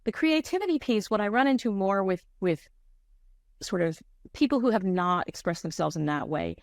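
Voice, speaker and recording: A woman's voice: mid-range voice, animated, normal speed, no echo, clean studio sound. A middle-aged woman working as a grief counselor, answering interview questions in a candid, searching way with frequent restarts.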